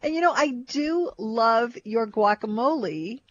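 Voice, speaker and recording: A woman's voice: on the high side, animated, measured pace, no room sound. An older woman chatting casually about food, rambling and restarting her sentences often. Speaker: co-host. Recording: dull lo-fi recording.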